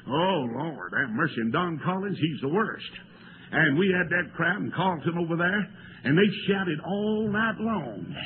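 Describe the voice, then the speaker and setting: An older man, preaching a folksy storytelling sermon that swells into shouts and tearful cries. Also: a little high, lively intonation, measured pace. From American. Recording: tinny lo-fi old sermon tape with faint hiss.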